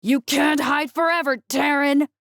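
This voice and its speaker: A woman's voice: mid-range voice, lively intonation, slow, vocal fry, darkish tone, dry recording, heavily acted. A woman voicing a hulking male alien bully with mandibles, delivering growled, bitter threats in a dry, close recording. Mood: sneering.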